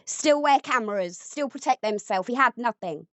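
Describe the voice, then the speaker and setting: A woman's voice: a little high, animated, moderate pace, fairly bright tone, dry recording, lo-fi sound. A woman arguing angrily at home, accusatory and sarcastic. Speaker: vlogger. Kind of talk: heated domestic argument.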